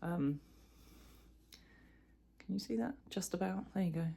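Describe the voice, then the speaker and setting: A woman's voice: on the low side, unhurried, vocal fry, warm tone, slightly rough. A middle-aged woman chatting casually in a crochet vlog, rambling and self-deprecating, with plenty of fillers. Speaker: crochet vlogger. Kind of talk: casual chat.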